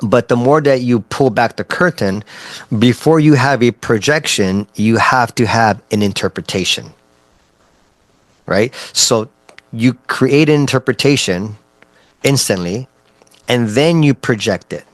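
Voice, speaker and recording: A man's voice: medium pitch, measured pace, no room sound. A man coaching on mindset in a casual teaching talk, checking in often with his listeners. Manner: conversational, frequent "right?" check-ins, restarts. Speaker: NLP coach.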